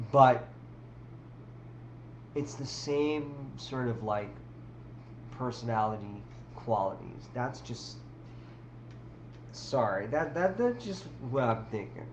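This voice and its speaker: Woman, livestream host, casual rant, rambling, slow delivery, roomy webcam sound. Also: a bass voice, expressive. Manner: rambling, many restarts and fillers, talks to chat. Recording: roomy with faint background hum.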